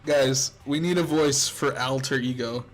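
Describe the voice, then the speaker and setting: A man's voice: medium pitch, unhurried. A man chatting casually and laughing playfully while streaming a game.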